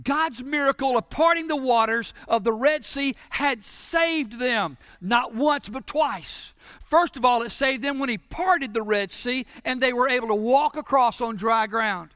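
A man preaching a sermon in a church, telling the story dramatically and bursting into shouts. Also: very high-pitched, a little slow, dry recording, clean studio sound.

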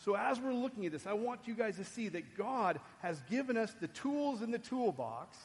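A man preaching a sermon, dropping soft and low and then rising loud and emphatic. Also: sing-song, normal speed. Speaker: pastor. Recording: long hall reverb.

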